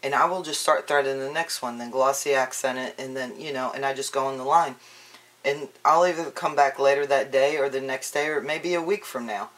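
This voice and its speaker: At home, a woman walks through a craft demo in a rumbling low, fairly quick voice, captured on a camera mic. Her casual tutorial is chatty and relaxed, rambling along with lots of ums and restarts.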